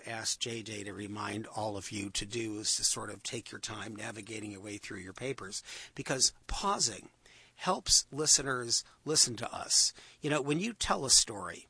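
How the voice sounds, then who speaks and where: A man hosting a talk show, his voice husky yet bright and forward. He chats with a guest and hands out storytelling tips, leaning on pauses and emphasis. The sound is dry and close, with little room around it. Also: mid-range voice, no room sound. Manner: expressive, plays with pauses and emphasis. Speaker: show host.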